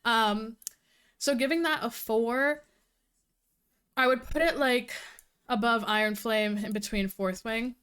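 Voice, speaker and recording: A woman livestreaming casual chat with her viewers, talking fast and cursing freely, a little out of breath. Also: on the high side, a bit bright, smooth. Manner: fast-talking, profane, giggly. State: slightly out of breath. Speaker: livestreamer reviewing books.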